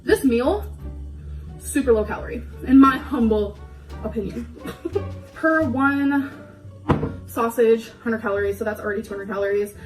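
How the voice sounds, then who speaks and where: In her home kitchen, a young woman vlogger rambles through a candid confessional, full of fillers and short laughs, speaking a little slowly with frequent pauses. Her slightly high voice is picked up from a few steps away from the mic, in an echoey room with faint music playing underneath.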